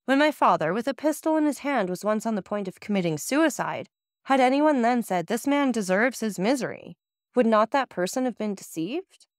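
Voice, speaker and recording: A woman's voice: a little high, lively intonation, moderate pace, no echo, studio quality, pitched above the performer's own voice, natural voice. Woman reading as an anxious young wife, earnest and pleading.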